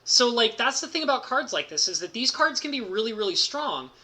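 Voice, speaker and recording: Bright-voiced excitable man telling a story. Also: extremely high pitch, fairly quick. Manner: excitable, heavy use of "like" fillers, laughs mid-story. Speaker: streamer. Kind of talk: casual storytelling about a card game.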